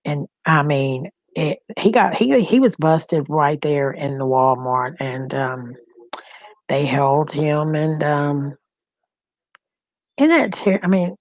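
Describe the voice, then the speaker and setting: Anxious, low-voiced woman. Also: slow, a little mellow, no echo, rough recording. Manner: anxious, rambling, repeats herself. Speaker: host. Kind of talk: casual live-stream chat.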